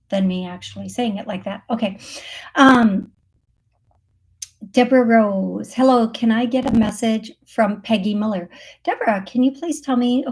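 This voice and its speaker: A woman's voice: fairly high pitch, darkish tone. A woman hosting a call-in show as a psychic medium. She talks in a chatty, rambling way, with lots of fillers and self-corrections, and laughs often. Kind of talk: casual live call-in readings.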